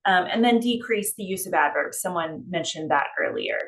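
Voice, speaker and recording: A woman's voice: lowish voice, lively intonation, moderate pace, fairly bright tone. A woman editor explaining writing tips in a loose, conversational way.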